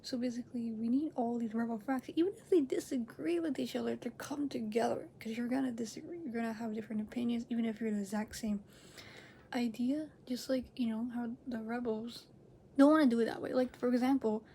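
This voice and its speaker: A woman hosting a reaction video, chatting casually at home. She rambles, corrects herself and laughs often, swinging between loud excited bursts and quiet near-whispers. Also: fairly high pitch, brisk, slight background noise. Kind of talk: casual chat to camera.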